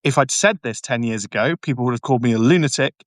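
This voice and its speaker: A man at a middle pitch holds forth on a live stream, emphatic and mocking, tripping over his words and restarting as he goes. The sound is dry and close, with no room around it. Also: fast talker, dry recording. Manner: emphatic, repetitive, stumbles and restarts often; mocking, sarcastic asides. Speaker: barrister hosting a live stream. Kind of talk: live stream talk answering viewer comments.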